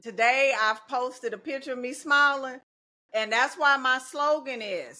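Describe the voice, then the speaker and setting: A middle-aged teacher and union organizer, appearing as a podcast guest, talks casually but with determination in a high, bright, pushed voice at a slightly slow pace. She speaks in slogans and laughs easily.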